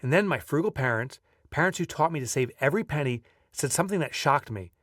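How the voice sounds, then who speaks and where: Higher-voiced man reading his own book. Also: fast, no echo, studio quality, distant mic. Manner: lively storyteller who breaks off to chat offhand. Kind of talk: audiobook narration with casual asides. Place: video recording setup.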